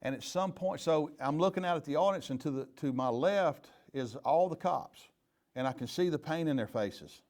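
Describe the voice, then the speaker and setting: A man's voice: on the high side, normal speed, darkish tone. A middle-aged man speaks in a slightly raised register, teaching leadership as a retired police chief. He tells his stories earnestly and candidly, in plain folksy words. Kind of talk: leadership training talk.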